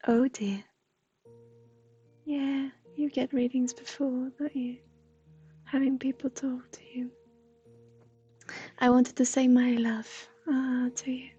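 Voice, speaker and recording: A woman giving a gentle, half-whispered livestream psychic reading. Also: high-pitched, slightly rough, dull audio. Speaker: intuitive reader.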